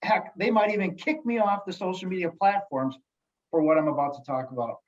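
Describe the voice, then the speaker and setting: A man speaking as a guest in casual podcast chat, telling stories in an animated, jokey way with many restarts. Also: sits high, fairly quick, highs cut off. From United States. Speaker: guest, sales executive and elected official.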